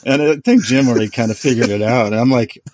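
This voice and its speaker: A man's voice: mid-range voice, quick pace, no echo. A man co-hosting a podcast, telling a funny story with frequent laughter. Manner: laughing often, animated. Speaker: podcast co-host. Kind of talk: casual storytelling.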